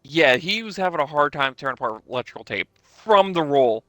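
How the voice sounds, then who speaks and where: A man's voice: fairly high pitch, expressive, brisk, bright, forceful tone, no echo. A man chatting on a stream, teasing and joking. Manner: teasing, jokey. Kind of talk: casual chat.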